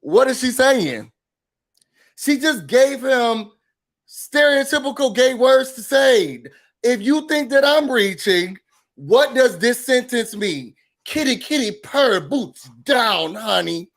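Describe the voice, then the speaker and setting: A recap show host, a man with a high voice, rants slowly and sassily. His delivery is expressive, and he imitates quotes in a high-pitched voice during this animated recap.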